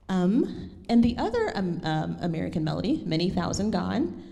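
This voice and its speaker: A woman presents a lecture recital with a mellow, slightly low voice. She talks in a thoughtful way, pausing on ums and correcting herself. Her voice carries a long reverb from the hall. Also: very animated, vocal fry. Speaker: pianist giving a lecture recital.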